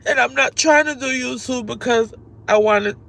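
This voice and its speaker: A woman's voice: on the high side, normal speed, vocal fry, fairly bright tone. A woman venting on a live stream, upset and close to tears as she rambles through her troubles at work. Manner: upset, tearful, rambling confessional. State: on the verge of tears. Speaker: livestreamer.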